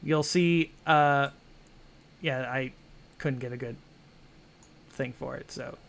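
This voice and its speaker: Bright-voiced man rambling as game master. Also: mid-range voice, slow pace, gravelly. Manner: rambling, filler-heavy, with many restarts. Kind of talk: narrating a tabletop game.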